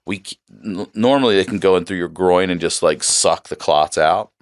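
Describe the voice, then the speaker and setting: A man's voice: low-pitched, moderate pace, no room sound, clean studio sound. A middle-aged man on a podcast, casually telling a profane story and acting out the people in it. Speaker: podcast guest.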